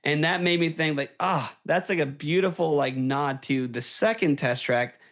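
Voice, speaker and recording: A man's voice: on the high side, moderate pace, fairly bright tone. A man hosting a podcast, chatting casually and with enthusiasm, often checking in with "right?". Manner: enthusiastic, tags "right?" onto points. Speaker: podcast host. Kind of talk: casual chat.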